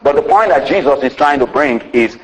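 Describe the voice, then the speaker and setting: A man's voice: expressive, fairly quick, poor audio. A man preaching a sermon in a folksy way, often saying "you know" and laughing as he explains, acting out the scripture's dialogue. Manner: acts out the scripture's dialogue with jumps in pitch.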